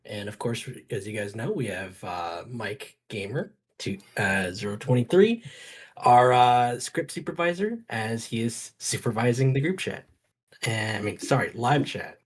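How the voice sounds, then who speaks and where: A man's voice: mid-range voice, lively intonation, measured pace, breathy edge. A man hosting a casual live stream, rambling and correcting himself. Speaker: host.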